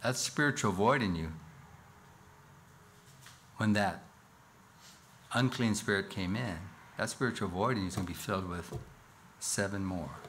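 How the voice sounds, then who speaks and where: A man's voice: on the low side, unhurried, pauses often, fairly bright tone, slight background noise. A man preaching a sermon in church as pastor, earnest, with rhetorical questions and a rising, emphatic reading of scripture. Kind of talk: expository sermon.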